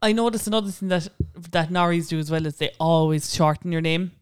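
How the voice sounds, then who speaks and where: A woman's voice: lowish voice, brisk, clear, resonant tone, dry recording, clean studio sound. A young woman with a Cork accent, co-hosting a podcast in casual, chatty talk, laughing often. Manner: chatty, laughs often, playful name-mimicking. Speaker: podcast co-host. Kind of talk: casual chat.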